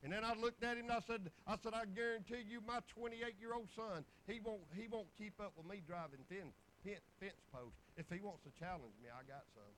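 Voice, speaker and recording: High-voiced preacher man. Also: brisk, few pauses, fairly bright tone, slight background noise, low-quality recording. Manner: folksy storytelling with bursts of exclamation. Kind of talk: sermon testimony.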